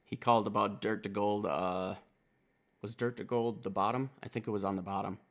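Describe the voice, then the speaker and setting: A man from Wisconsin with a gravelly, fry-laced voice breaks down a song for his channel. His delivery is casual and profane, swinging between quiet asides and excited outbursts. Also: fairly low pitch, fairly quick, heavy background noise. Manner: blunt and profane, excitable, talks in bursts. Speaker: music reaction host. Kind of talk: casual reaction commentary.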